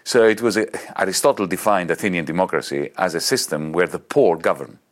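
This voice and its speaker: A man's voice: low-pitched, a little fast. A man from Greece speaking as an interview guest, arguing his point emphatically and repeating words as he searches for them. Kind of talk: conversational argument.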